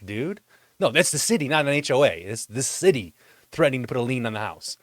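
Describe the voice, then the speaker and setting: A man's voice: mid-range voice, brisk, no echo, studio quality. Exasperated, foul-mouthed man ranting. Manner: profane ranting; exasperated, animated storytelling. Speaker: vlog host. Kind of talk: comedic monologue. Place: home.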